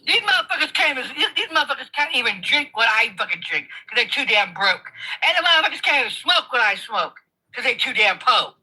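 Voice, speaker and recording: A woman arguing in a heated livestream debate, swearing constantly, angry and talking over the other person, often bursting into shouts. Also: a little high, sing-song, quick pace, breathy edge, low-quality recording. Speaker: guest in a live debate.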